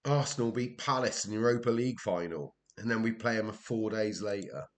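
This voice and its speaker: A man's voice: on the low side, fairly quick. A man from Wales giving casual commentary while playing a game, talking to himself, exasperated and swearing. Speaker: gameplay commentator.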